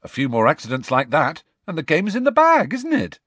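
A man's voice: mid-range voice, animated, brisk, fairly bright tone, breathy edge, dry recording, pitched above the performer's own voice. A man doing a firm, bracing teenage boy.

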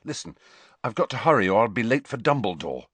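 A man's voice: on the low side, sing-song, fairly bright tone, slightly rough, dry recording, heavily acted. A man reading an audiobook, voicing a teenage schoolboy who speaks casually and in a hurry. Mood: hurried. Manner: hurried, casual. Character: hurried teenage schoolboy, plain. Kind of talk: audiobook character voice.

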